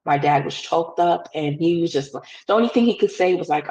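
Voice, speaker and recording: A woman's voice: lowish voice, darkish tone, slightly rough, low-quality recording. A young woman, a podcast guest candidly telling a personal story and acting out the things people said. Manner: candid, quick, acts out quoted dialogue.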